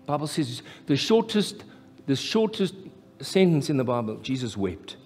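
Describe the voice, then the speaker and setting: A man with a South African accent preaching a live sermon as pastor, impassioned and rising to loud, emphatic peaks. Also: mid-range voice, very animated, a little slow, breathy edge. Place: church hall, live. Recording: echoey church hall with faint music.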